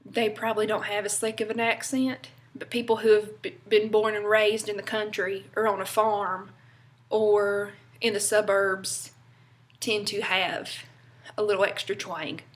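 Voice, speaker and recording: This North Carolina vlogger, a young woman with a Southern accent, chats to camera in a loose, rambling way, full of fillers and small laughs. She speaks at a measured pace in a mid-range voice that barely moves in pitch.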